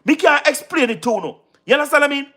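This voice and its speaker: A man from Jamaica with a Jamaican Patois accent, livestreaming casually, giving shout-outs to viewers and repeating himself emphatically. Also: very high voice, animated, fast. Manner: repetitive, keeps asking "you understand what I mean", emphatic. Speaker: YouTube live streamer.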